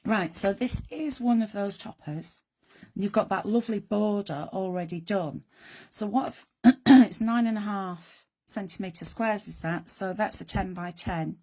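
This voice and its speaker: A middle-aged woman hosting a live craft demonstration, chatty and self-deprecating, thinking aloud as she works, her voice going croaky. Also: mid-range voice, a little slow, warm tone. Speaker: craft show host.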